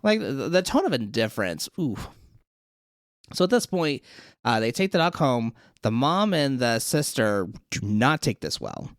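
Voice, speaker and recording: Recapping a TV episode on a podcast he co-hosts, a man with a mid-range voice plays out the characters' dialogue in rapid, lively voices. The studio-quality recording has no room sound.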